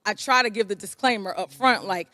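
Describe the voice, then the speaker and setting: A woman's voice: medium pitch, brisk, sharp tone, no echo. A woman in casual chat, speaking frankly and acting out her own quotes.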